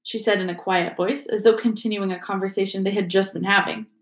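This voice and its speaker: A woman's voice: medium pitch, fairly even intonation, fairly quick. Woman reading a story aloud, roomy echo. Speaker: reader. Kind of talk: reading a children's book aloud. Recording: echoey room.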